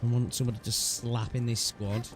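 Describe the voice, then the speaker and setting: A man's voice: mid-range voice, little pitch movement, brisk. A man streaming a game, chatting casually to his viewers and swearing often. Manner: chatty, swearing, talks to chat. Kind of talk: casual live gaming commentary. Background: faint game music.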